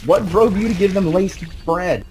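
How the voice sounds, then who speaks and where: A man's voice: high-pitched, moderate pace, darkish tone, slight background noise, voice pushed up, natural voice. Man voicing Laura, a curious woman adventurer. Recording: game music playing behind.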